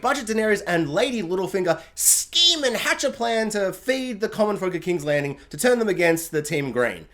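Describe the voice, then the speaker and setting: A man ranting through a spoilery TV review in casual, sarcastic chat. His pitch swings widely and his tone stays jokey. He keeps breaking off into animated asides. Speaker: TV review host.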